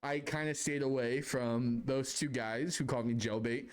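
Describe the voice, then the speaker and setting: A man's voice: medium pitch, fairly even intonation, moderate pace, clean tone. A young man hosting a casual solo podcast, telling stories in a rambling, self-deprecating way that keeps wandering off on tangents. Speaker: podcast host.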